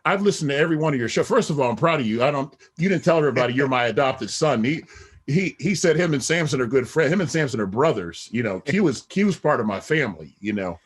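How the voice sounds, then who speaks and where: A man's voice: mid-range voice, lively intonation, quick pace, slightly rough. A middle-aged man, a podcast guest, talking in a rambling casual way with many "you know what I mean" asides. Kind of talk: casual interview talk.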